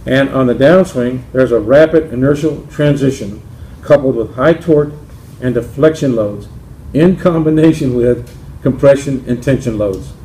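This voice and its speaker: A man presenting his golf shaft company and telling a joke, halting with restarts. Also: medium pitch, mellow, a little hiss or hum. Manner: halting, with many restarts and fillers. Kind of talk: company promo talk with a joke. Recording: roomy with faint ambience.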